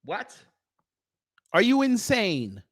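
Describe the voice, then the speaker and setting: Lively incredulous man, dry sound. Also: high-pitched, very slow, no echo. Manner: incredulous, mocking. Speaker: YouTube commentator. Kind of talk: reaction commentary.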